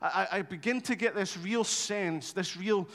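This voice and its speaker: A man preaching a sermon, telling stories in an animated, conversational way with touches of humour. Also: sits high, unhurried, creaky. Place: church hall. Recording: long hall reverb.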